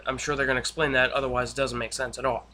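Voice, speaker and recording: A man's voice: mid-range voice, level tone, very fast, background noise. A young man recapping a TV episode in casual, rambling speech with many fillers and restarts. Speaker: YouTube reviewer.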